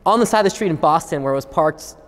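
A man casually telling a story about his first car, with a relaxed delivery full of fillers. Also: a little high, fast talker. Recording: long reverb.

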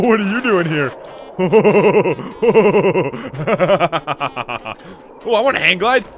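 A man doing comedic gameplay commentary as a gaming YouTuber, giggling and swinging from high shrieks to low mutters. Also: lively intonation, very slow, a little hiss or hum.

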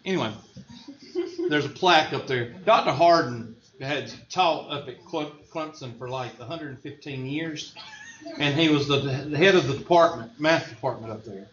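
A man's voice: a little high, a bit bright. A man teaching a math class, joking and drawling as he goes. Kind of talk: classroom lecture. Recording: echoey room, dull lo-fi sound, faint noise.

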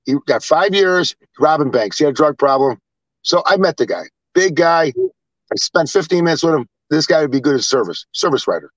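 A man's voice: on the high side, animated, a little fast, no echo, highs cut off. An older man telling blunt, rambling stories with swearing. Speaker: storyteller. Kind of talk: casual storytelling.

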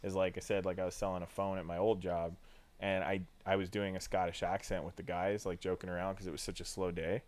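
A man's voice: sits low, little pitch movement, quick pace, darkish tone. A young man in casual chat, telling work stories with frequent laughs. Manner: storytelling, laughs often, does voices.

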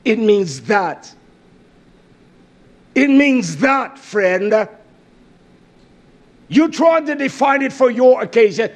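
A man preaching a sermon, emphatic and repetitive, with sudden shouted bursts. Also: extremely high pitch, expressive, slow, pauses often.

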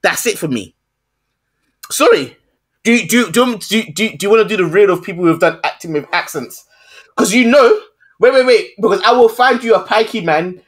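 A man's voice: sits high, a bit bright. A man co-hosting a casual movie-review podcast, playfully accusing the others and repeating himself. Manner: teasing, playfully accusing, repetitive. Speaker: podcast co-host.

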